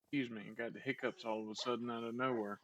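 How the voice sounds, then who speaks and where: A man's voice: mid-range voice, fairly even intonation, quick pace, muffled recording, very noisy. A man hosting a gameplay video, chatting casually in a hesitant, rambling way with many restarts. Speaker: gameplay host. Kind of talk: casual chat while playing.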